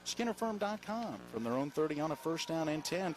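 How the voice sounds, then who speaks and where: Wv accent guy calling high school football, highish voice, gets loud and fast on sacks. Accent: West Virginian. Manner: fast, rising excitement on big plays, chatty asides. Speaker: play-by-play announcer. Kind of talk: live sports commentary with sponsor reads.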